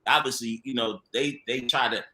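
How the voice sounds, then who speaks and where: A man's voice: medium pitch, fairly even intonation, moderate pace, sharp tone, reverberant. A man who works as a TV producer, telling stories in a casual, slangy conversation and laughing often. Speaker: TV producer guest.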